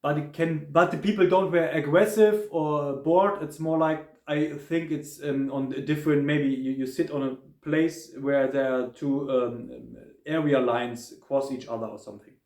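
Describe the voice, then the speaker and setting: A man with a German accent giving a casual spoken hotel review, halting, with many fillers and restarts. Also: fairly high pitch, fairly even intonation, a little mellow, reverberant.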